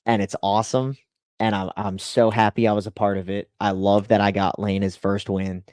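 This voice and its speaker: A man who works as a race team spotter, casually telling a story with animated delivery and lots of "like" and "you know". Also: lowish voice, moderate pace, dry recording, clean studio sound.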